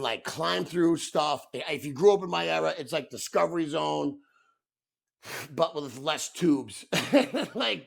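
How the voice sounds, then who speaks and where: Male podcast host, thirties, gravelly, fairly high voice, profane comedic rant. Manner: profane, animated storytelling.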